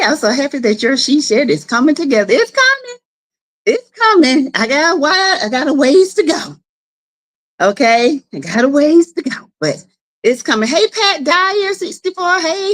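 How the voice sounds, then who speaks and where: Slow, chatty woman streaming from home. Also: high-pitched, animated, fairly bright tone. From South Carolina. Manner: chatty, greets viewers by name, laughs often. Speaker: livestream host. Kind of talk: casual live chat.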